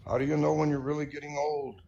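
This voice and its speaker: A man's voice: a little high, little pitch movement, fast talker, gravelly, warm tone, dull audio. An older man reading a string of jokes aloud on an online comedy show, chuckling at his own punchlines.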